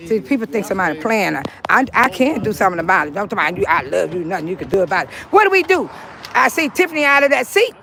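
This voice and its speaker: A woman from California talking in a casual vlog, chatty and animated, laughing often. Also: medium pitch, fast talker, gravelly. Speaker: vlogger. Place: outdoors and in a car.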